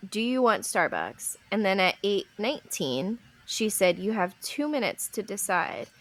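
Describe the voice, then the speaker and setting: Laughing young woman telling a story. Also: mid-range voice. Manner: animated storytelling, acting out quotes, laughs often. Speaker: podcast co-host. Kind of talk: casual chat.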